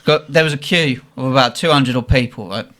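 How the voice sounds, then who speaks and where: A man's voice: medium pitch, brisk. A man, a podcast host telling stories in casual chat and acting out the people he quotes. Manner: animated, acts out quotes in voices.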